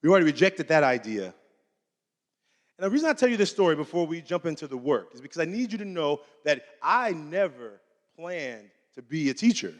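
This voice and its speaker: Animated man telling stories in a hall. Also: a little high, brisk. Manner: animated, acts out dialogue in different voices; conversational, casual phrasing. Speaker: keynote speaker. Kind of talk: storytelling keynote talk. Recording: long hall reverb.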